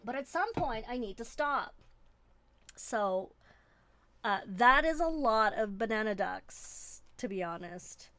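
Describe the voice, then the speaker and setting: A woman's voice: fairly high pitch, animated, slow, sharp tone. A woman from Canada hosting a live stream, chatting in a rambling, playful, self-mocking way from a desk indoors. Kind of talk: casual live-stream chat.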